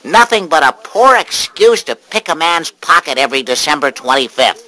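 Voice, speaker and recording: A man playing a miserly, bitter old man in a radio drama, gruff and snapping. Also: a little high, very animated, moderate pace, bright, forceful tone, rough recording. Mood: scornful.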